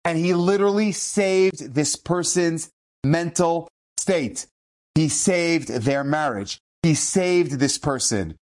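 A man's voice: on the high side, takes it slowly. A middle-aged man, a rabbi, giving an earnest inspirational eulogy, telling stories with Hebrew and Yiddish terms mixed in. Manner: acts out quoted speech in lively shifting voices.

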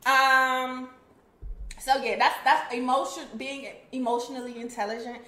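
A woman's voice: high voice, level tone, a little slow, sharp tone, echoey room. A woman co-hosting a casual chat, talking in an emphatic, blunt way. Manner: emphatic, blunt, says "period". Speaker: co-host.

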